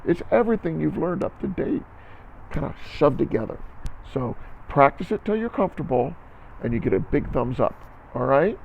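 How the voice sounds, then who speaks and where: Gravelly-voiced man teaching a band lesson. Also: a little high, sing-song, normal speed, narrow, tinny audio, a little hiss or hum. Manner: encouraging, counts beats aloud. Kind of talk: recorded music lesson for students.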